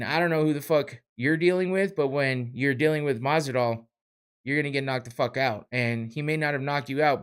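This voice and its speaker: A man's voice: mid-range voice, clean tone. A man hosting a podcast, ranting in a heated, profane way. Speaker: podcast host. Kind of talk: casual podcast rant.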